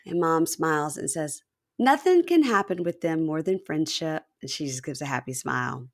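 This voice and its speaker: Casting note: woman podcast host, low-pitched, lively storyteller voicing quotes in a raised voice. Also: moderate pace. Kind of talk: casual chat recapping a reality show.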